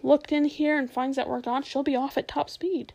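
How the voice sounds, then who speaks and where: A woman's voice: high voice, flat delivery, moderate pace, creaky, a little mellow, dull audio. A woman voicing an anxious, sensible girl who speaks urgently, in a storybook reading. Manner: urgent, worried.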